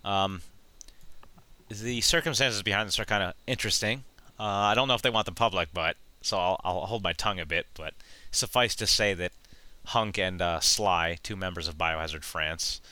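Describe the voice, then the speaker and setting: A man's voice: low-pitched, moderate pace, pushed and bright, dry recording. A man hosting a casual gaming podcast, reading out news items and chatting with many fillers and frequent laughs. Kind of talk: casual chat.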